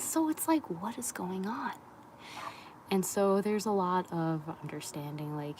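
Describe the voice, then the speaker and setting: A young woman, a spiritual wellness creator, talking candidly on a live stream in a soft, often half-whispered, rambling way. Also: medium pitch, lively intonation, unhurried, slight background noise, poor audio.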